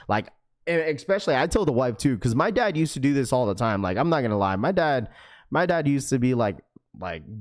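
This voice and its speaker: A young man hosting a live stream, chatting casually with viewers in an energetic, slangy, talkative way. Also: medium pitch. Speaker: livestream host.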